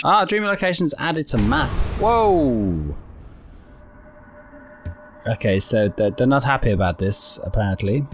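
Guy swearing his way through a game, voice jumps all over, kinda high, loud game music under him. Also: unhurried, long pauses. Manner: profane, excitable reactions. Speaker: gaming YouTuber. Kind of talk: let's-play commentary.

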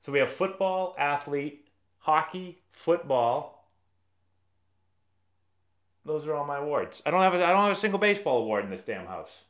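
Hosting a casual live stream, this man from Massachusetts responds to viewers in a voice on the high side, fairly bright and lively in intonation. He keeps a moderate pace but pauses often. As a storyteller he's rambling and chatty, frequently restarting sentences.

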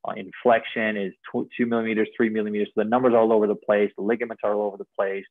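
A man's voice: lowish voice, flat delivery, racing, no echo. Casting note: a man as a surgeon walking through slides, earnest and precise, heard over a dry, tinny call line. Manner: earnest, technical, repeats numbers and words. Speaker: orthopedic surgeon. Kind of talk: explaining surgery over slides in a live stream.

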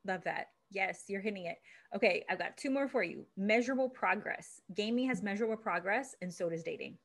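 A woman's voice: medium pitch, fairly quick, fairly bright tone. Upbeat woman hosting an interview. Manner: upbeat, encouraging, laughs often. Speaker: relationship expert, host.

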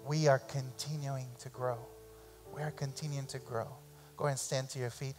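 A man preaching a sermon as pastor in a church, animated and repeating phrases for emphasis, sometimes acting out parents' voices. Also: medium pitch, in a large hall, music in the background. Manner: acts out parents' voices in quick asides. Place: church sanctuary.

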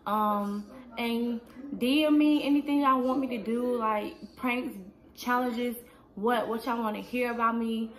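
Seorang wanita berusia dua puluhan menjawab pertanyaan penonton dengan santai di rumah, sering memakai "like" dan "um". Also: female voice, fairly high pitch, fairly even intonation, unhurried. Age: 20s. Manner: chatty, fills with "like" and "um". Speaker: vlogger. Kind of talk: casual Q&A vlog. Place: indoors at home.

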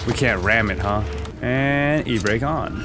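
A man doing let's play commentary, loud and cursing as he yells at the game. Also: mid-range voice, a little slow. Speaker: gaming video host. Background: game music and sounds.

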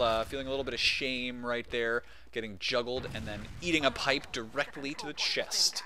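A man shoutcasting a competitive video game match, excitable and casual, rambling between calls. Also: medium pitch, slight background noise. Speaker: esports shoutcaster. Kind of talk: play-by-play game commentary.

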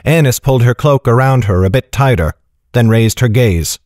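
A man narrating a fantasy novel in a steady, even storytelling style. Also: mid-range voice, normal speed, no echo, clean studio sound. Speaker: audiobook narrator.

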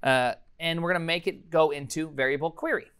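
Excitable man live-coding a tutorial. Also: a little high, a little fast, clear, resonant tone. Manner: excitable, energetic, thinks aloud with many fillers and sudden upbeat exclamations. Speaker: programming course instructor.

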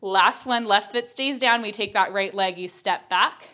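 A woman's voice: mid-range voice, a little slow, sharp tone. Breathless woman coaching a workout. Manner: breathless, chatty, candid. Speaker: Pilates instructor. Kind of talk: workout instruction.

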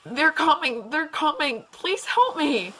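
A man's voice: very high-pitched, animated, slow, sharp tone, voice pushed up, heavily acted, poor audio. A man putting on a terrified stammering colonist woman. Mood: terrified pleading. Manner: pleading, stammering, panicked. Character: terrified young female colonist, desperate.

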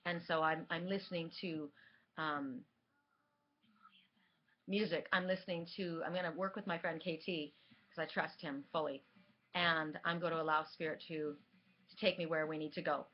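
A woman's voice: low-pitched, fairly even intonation, moderate pace, long pauses. Woman vlogger, rambling earnest chat, dull home recording. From Southern California. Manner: rambling, earnest, many fillers and restarts. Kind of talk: casual spiritual vlog talk.

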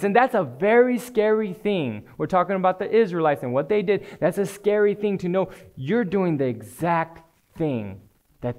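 Earnest high-pitched male preacher. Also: a little mellow. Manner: earnest, repeats phrases and asks pointed questions. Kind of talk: sermon.

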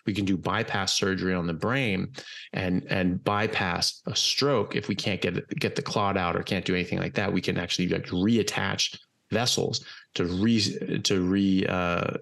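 A man with a deep, gravelly voice talks through his argument in a relaxed podcast chat. He is emphatic and blunt, stumbling over repeated words and fillers as he builds each point, and he drops the odd swear word. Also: moderate pace. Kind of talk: casual podcast conversation.

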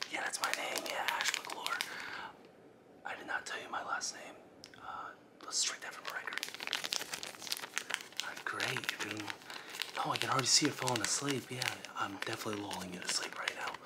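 A man doing comedic whispered role-play as an intruder, nervous and stammering, whispering frantically and often breaking into loud hissed commands. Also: lowish voice. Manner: flustered, stammering, repeats himself. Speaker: ASMR creator.

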